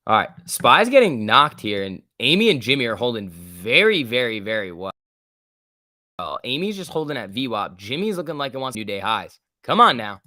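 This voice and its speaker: A man's voice: mid-range voice, sing-song, moderate pace, pushed and bright, dry recording, studio quality. A man hosting a live stock market stream, calling price moves and reading viewer messages in a casual, joking way. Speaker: livestream host.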